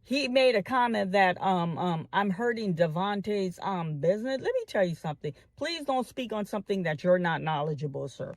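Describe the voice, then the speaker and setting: A woman's voice: lowish voice, sing-song, no echo. Woman commentator, impassioned, filler-heavy, repetitive, dry recording. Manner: repeats phrases, many drawn-out "um" fillers; addresses the audience as family. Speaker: online commentator and filmmaker. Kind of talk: impassioned address to online followers.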